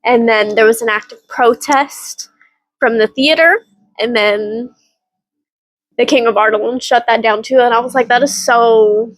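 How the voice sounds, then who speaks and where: A fairly high-voiced woman recording a casual book vlog, talking in a loose, rambling way and laughing often between thoughts. Her voice sits close and dry, with almost no room sound around it. She swears freely. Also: moderate pace, no echo, poor audio. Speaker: book vlogger. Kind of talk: casual reading vlog update.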